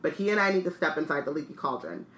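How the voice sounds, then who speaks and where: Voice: mid-range voice, lively intonation, rapid-fire, fairly bright tone, slight background noise, natural voice. A podcast host reading the lines of a brusque male minister in a testy, pointed way, in an echoey room.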